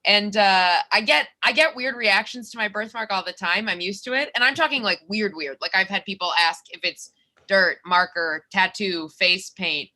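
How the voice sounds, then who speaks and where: A young woman from Minnesota, a comedian performing a self-mocking stand-up set over a video call from her bedroom, with quick restarts. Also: mid-range voice, pushed and bright. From Minnesota, USA.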